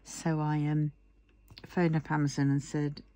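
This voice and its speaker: Tired, chatty woman, low voice. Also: flat delivery, a little slow, a little hiss or hum. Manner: rambling, chatty, drifts into soft murmurs while working. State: tired, yawning. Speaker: craft vlogger. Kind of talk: casual chat while diamond painting.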